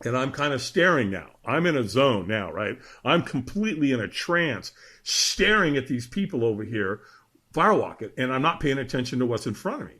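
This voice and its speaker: A middle-aged man telling a story with a bright, forceful tone and a slightly husky edge. His pitch swings widely as he acts out the voices in his tale, sitting a little high for a man. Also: sing-song, brisk. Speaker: podcast guest. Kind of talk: animated storytelling.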